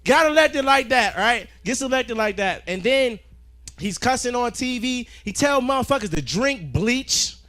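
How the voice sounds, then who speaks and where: A stand-up comedian man with a very high voice, loud and animated. He swears freely into a handheld mic on a club stage. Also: measured pace. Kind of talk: stand-up set.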